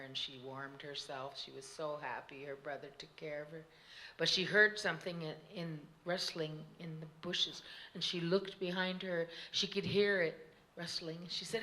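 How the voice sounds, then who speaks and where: Woman storyteller, low but bright voice, animated oral telling, laughs often. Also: normal speed. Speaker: tribal storyteller on a panel.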